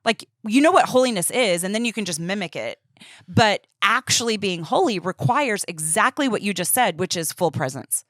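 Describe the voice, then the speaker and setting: A woman's voice: medium pitch, lively intonation, normal speed, a bit bright, no echo, clean studio sound. A woman in her thirties co-hosting a podcast, chatting casually and animatedly with many fillers. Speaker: podcast co-host. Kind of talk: casual faith chat.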